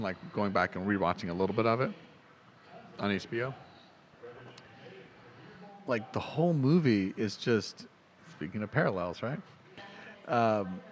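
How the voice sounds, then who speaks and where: A man with a fairly low voice co-hosts a podcast and talks over a film in casual chat. He rambles eagerly and restarts his sentences as his ideas run ahead of him. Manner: enthusiastic, rambling, restarts often. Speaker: podcast co-host.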